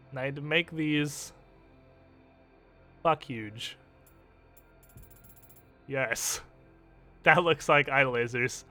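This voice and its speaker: A young man with a fairly high voice, recorded with no echo, streams a game, giving casual commentary as he walks through his choices, animated, joking, and swearing freely.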